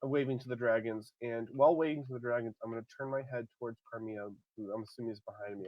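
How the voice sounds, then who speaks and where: A man speaks as a player in a tabletop role-playing game, his talk full of hesitant restarts. His voice sits at an ordinary pitch, and the recording sounds dull, lo-fi and dry. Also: fairly even intonation, quick pace, few pauses, dry recording.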